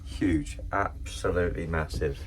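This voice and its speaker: A man chatting casually as he vlogs a fishing trip, joking around in a relaxed way. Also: deep voice, unhurried. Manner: chatty, jokey, laid-back. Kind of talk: casual vlog chat. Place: outdoors and in a car. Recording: lo-fi with noise.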